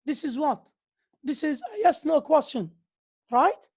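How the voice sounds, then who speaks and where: Slow, emphatic woman lecturing. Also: high voice, expressive, vocal fry, a little mellow. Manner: slow and emphatic, acting out example sentences with exaggerated intonation. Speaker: English lecturer. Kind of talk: university lecture, mixing English with Arabic explanations.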